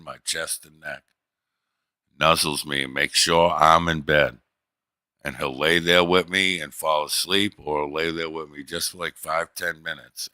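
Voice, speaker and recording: A man's voice: rumbling low, sharp tone, no room sound. A man livestreaming, telling a long rambling story to his chat in loose, profane casual talk.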